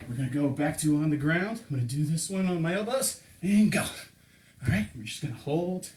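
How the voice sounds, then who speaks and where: A man's voice: on the high side, moderate pace, darkish tone, a little hiss or hum. A man coaching a home workout, counting reps and explaining exercises, a bit out of breath as he works out along. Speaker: fitness coach. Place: home room with table and couch. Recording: echoey room, distant mic.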